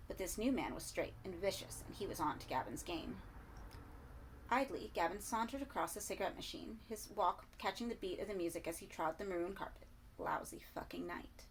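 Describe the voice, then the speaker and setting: A woman narrating a horror story in a measured reading voice, sometimes dropping to soft asides. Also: mid-range voice. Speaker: audiobook reader.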